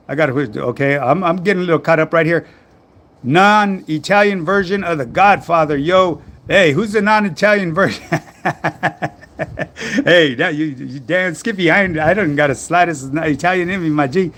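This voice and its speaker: Socal guy on a livestream, kinda high voice, loose and cussing, reading comments. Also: moderate pace, a bit bright. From Southern California. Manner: slangy, profane, laid-back. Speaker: fitness livestream host. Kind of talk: casual livestream chat answering comments.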